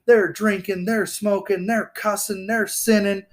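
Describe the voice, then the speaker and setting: Young guy podcast cohost, kinda high voice, rambly, jokes and cusses a lot. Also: flat delivery, measured pace. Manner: rambling, joking, swears freely. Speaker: podcast co-host. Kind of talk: casual chat.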